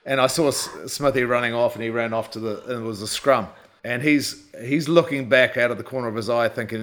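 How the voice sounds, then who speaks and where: A man's voice: mid-range voice, a little fast. Older New Zealand man telling a story. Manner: lively storyteller who acts out quotes and laughs. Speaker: guest, former rugby captain. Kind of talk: animated anecdote telling.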